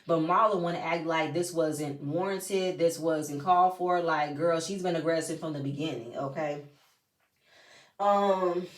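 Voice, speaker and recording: A woman giving a casual recap of a reality TV episode, blunt and profane with sassy asides. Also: on the low side. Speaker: reality TV reviewer. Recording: roomy, voice from a distance.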